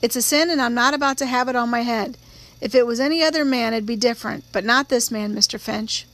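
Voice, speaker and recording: A woman's voice: a little high, quick pace, a bit bright. A woman voicing a blunt, stubborn male small-town sheriff in his forties who talks in a plain-spoken drawl. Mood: earnest.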